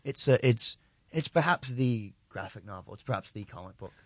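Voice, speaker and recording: A man's voice: fairly low pitch, expressive, normal speed, dry recording. A young man co-hosting a casual podcast, enthusiastic, trailing off mid-sentence and praising shows as "wonderful" and "very good.". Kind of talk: casual chat about TV shows.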